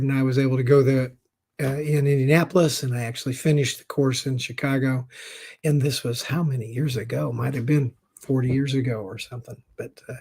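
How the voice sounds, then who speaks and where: A middle-aged man hosts a live-stream talk show, his voice pitched a little above the usual for a man. He reads viewer comments aloud and talks to his listeners in an encouraging, folksy way, reassuring them often. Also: a little mellow. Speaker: show host.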